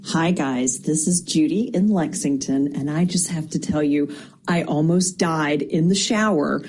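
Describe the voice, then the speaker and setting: A woman with a husky voice leaving an excited, gushing voicemail for a radio show. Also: deep voice, measured pace. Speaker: caller leaving a voice message. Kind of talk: recorded listener voicemail.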